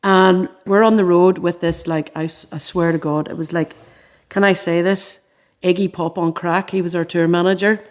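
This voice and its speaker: An Irish woman, a musician and podcast co-host, chatting casually in a living room and telling a lively story with frequent laughs. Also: lowish voice, moderate pace. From Ireland. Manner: animated storyteller, laughs often. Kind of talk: casual chat.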